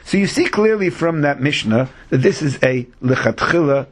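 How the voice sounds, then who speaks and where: Husky-voiced man teaching a Talmud lesson. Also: fairly high pitch, lively intonation, normal speed. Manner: mixes Hebrew and Yiddish terms into explanations, rhetorical questions.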